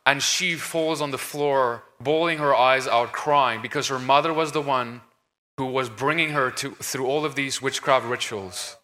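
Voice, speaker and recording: Bright, emphatic man preaching in a hall. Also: medium pitch, a little slow. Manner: earnest, emphatic preaching tone with frequent restarts. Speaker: conference speaker on deliverance ministry. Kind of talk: stage discussion. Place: conference stage in a large hall. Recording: reverberant hall.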